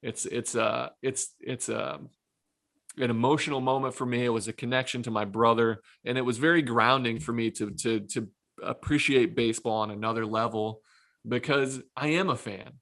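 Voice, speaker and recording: A man, a former pitcher, telling a long personal story in a casual podcast chat, acting out his own past lines. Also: normal speed. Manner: animated anecdote telling, self-quoting.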